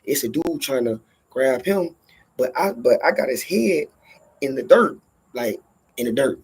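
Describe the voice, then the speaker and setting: A man telling a profane workplace story in casual storytelling style, animated and acting out every line of dialogue. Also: mid-range voice, measured pace, husky.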